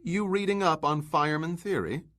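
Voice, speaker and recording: A man's voice: on the high side, normal speed, a bit bright, pitched above the performer's own voice, close to an everyday voice. A man reading aloud and voicing a prim, prying middle-aged housewife.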